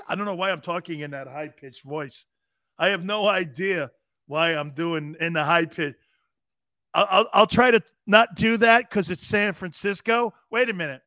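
A man's voice: high-pitched, bright, forceful tone, dry recording, studio quality. A man hosting an opinionated sports talk radio show, brash, rambling and joking.

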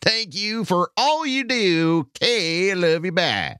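A man's voice: high voice, big pitch swings, slight background noise, voice pushed up, heavily acted. A man doing a bubbly young woman fan. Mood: chirpy. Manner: bright, sing-song and eager, slow deliberate delivery. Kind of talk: reading a listener question in a put-on voice.

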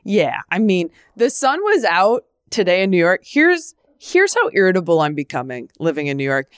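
A young adult woman co-hosting a casual podcast, telling stories with sarcastic, animated asides. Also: on the low side, moderate pace, clean tone, dry recording. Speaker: podcast co-host. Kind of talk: casual chat. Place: living in New York.

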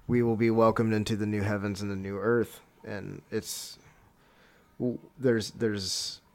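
A man in casual religious discussion, reflective and searching for words. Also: on the low side.

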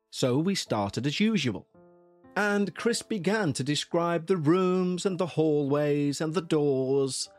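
A man narrating a listener's first-person horror story in a slow, measured storytelling manner. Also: a little high, darkish tone.

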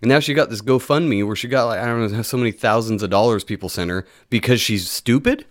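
A man's voice: mid-range voice, quick pace, no room sound, clean studio sound. A man co-hosting a casual podcast chat, talking in a rambling, blunt and wry way. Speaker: podcast co-host.

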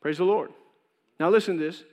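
The pastor's high, brisk, slightly mellow voice carries through a large hall, though the audio is dull. Preaching conversationally in church, he acts out short voices of the characters God and Cain.

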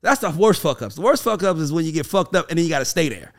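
A man in his thirties co-hosting a casual talk show, telling loud, animated stories. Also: fairly high pitch, quick pace. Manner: loud, animated storytelling with profanity. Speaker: podcast co-host. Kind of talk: casual chat.

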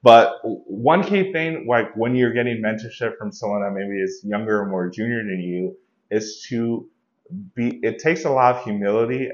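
A man's voice: lowish voice, dull audio. A man hosting his own solo show, giving an earnest, reflective talk in a conversational way with frequent restarts. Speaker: podcast host.

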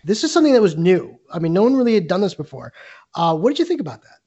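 A man's voice: high-pitched, very animated, racing, mellow, breathy edge. Rambling man on a dull podcast mic. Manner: rambling, many restarts, eager. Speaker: podcast co-host. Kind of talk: casual movie podcast chat.

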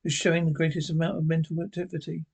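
A man's voice: on the high side, flat delivery, quick pace, gravelly, darkish tone, husky. A man reading the lines of an eccentric male time traveller, the Doctor, naming each speaker before the line.

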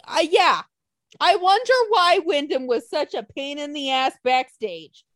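A young woman rants through a casual podcast chat, cursing freely and slipping into mocking quotes. Her voice sits high and swings widely in pitch, and it is recorded dry and close. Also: unhurried, dry recording. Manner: animated, profane ranting with mocking quotes. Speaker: podcast co-host.

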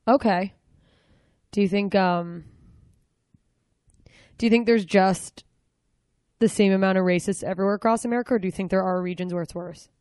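A woman's voice: medium pitch, steady tone, moderate pace, pauses often, a little mellow, dry recording, clean studio sound. A woman hosting a casual interview, curious and asking probing follow-up questions. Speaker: host.

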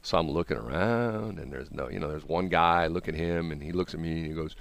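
A man hosting a radio show, telling a story in a casual, animated way, laughing often and acting out what other people said. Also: rumbling low, brisk, gravelly, no echo.

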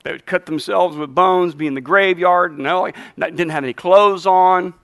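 High-pitched, fiery preaching pastor, man. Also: normal speed, a bit bright, no echo. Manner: fiery, call-and-response preaching with joking asides. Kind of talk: sermon. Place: church.

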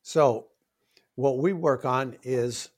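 A man's voice: mid-range voice, takes it slowly. A man, a trading psychology coach, talking animatedly in a round-table discussion and acting out coaching exchanges. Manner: animated, demonstrative, acts out coaching dialogue.

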